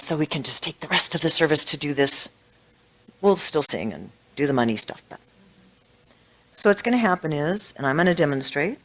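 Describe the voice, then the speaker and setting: A woman's voice: low-pitched, low-quality recording. A woman giving a sermon to a small congregation, telling a story with feeling and laughing now and then. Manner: emotional, animated storytelling with laughs. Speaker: spiritual practitioner giving the talk.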